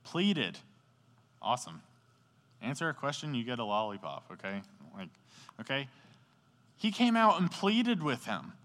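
A man's voice: medium pitch, big pitch swings, measured pace, long pauses, fairly bright tone. A man preaching a casual sermon to a youth group, telling the story in slangy, conversational speech and asking the audience questions. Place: indoor hall beside a sports field, rain outside. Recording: echoey hall.

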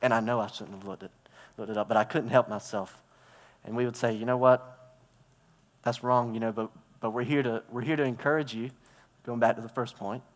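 A man's voice: mid-range voice, steady tone, brisk. Man preaching in a reverberant hall. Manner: conversational, storytelling with props and gestures. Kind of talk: sermon.

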